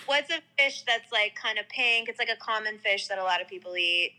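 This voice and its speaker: A woman's voice: medium pitch, a little fast, sharp tone, poor audio. A young woman with a New York–New Jersey accent in casual chat, blunt and quizzing, swearing casually.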